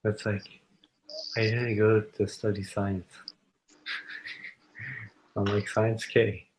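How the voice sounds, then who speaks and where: A man's voice: lowish voice, flat delivery, takes it slowly, darkish tone, slight background noise, low-quality recording. A man in casual livestream banter, laid-back and mumbly, swearing offhand. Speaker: co-host.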